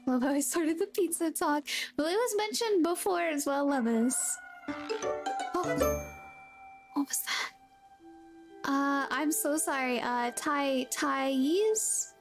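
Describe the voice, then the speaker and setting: High-voiced chatty woman streamer. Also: slow, long pauses, soft background music. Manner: chatty, reads chat aloud, friendly greetings. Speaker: game streamer. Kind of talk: casual gameplay chat.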